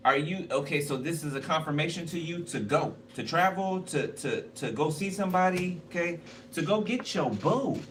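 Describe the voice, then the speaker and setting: A man's voice: medium pitch, animated, a little fast, fairly bright tone. A man doing a casual tarot card reading, blunt and profane and repeating himself a lot. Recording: noisy, distant mic.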